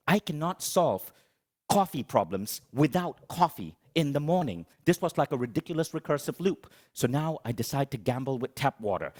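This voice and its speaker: Animated middle-aged man telling a story. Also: on the high side. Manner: animated, dramatic, self-mocking storytelling. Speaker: motivational speaker. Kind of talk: comic storytelling keynote talk.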